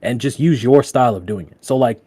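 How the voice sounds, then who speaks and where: A man's voice: a little fast, husky, dry recording. Male podcast co-host, casual and slangy, swears freely, laughs a lot, dry studio sound. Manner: loose, slangy and profane, laughing often; animated, with big jumps in pitch when telling stories. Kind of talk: casual podcast chat giving dating advice.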